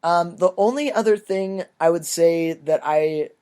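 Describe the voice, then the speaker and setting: A man's voice: a little high, a little slow, mellow, clear, resonant tone. A man co-hosting a podcast, chatting casually through a movie review in a loose, rambling way and swearing freely. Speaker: podcast co-host.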